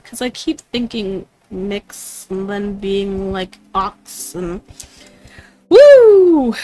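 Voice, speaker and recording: A young woman chatting casually on a livestream, giggling often, swearing offhand and mimicking others in high squeaky voices. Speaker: streamer.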